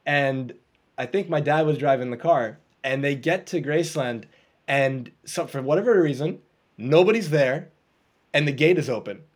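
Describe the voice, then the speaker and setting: Animated storytelling man, higher voice. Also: moderate pace, slightly rough. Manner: animated storyteller, laughs often, acts out voices. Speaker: guest coach. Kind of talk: storytelling interview chat.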